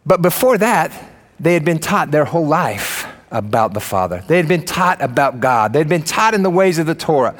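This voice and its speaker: A man delivers a sermon as pastor in a fairly high voice. He swings from loud, emphatic lines down to low, quiet ones and speaks in casual slang. At times he drifts away from the mic. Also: sing-song, moderate pace.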